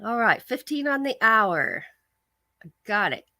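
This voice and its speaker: A woman's voice: fairly high pitch, big pitch swings, unhurried, sharp tone, no room sound. A woman hosting a casual livestream, telling a chatty story and reading viewer comments aloud. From American. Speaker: livestream host. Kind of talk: casual live-stream chat.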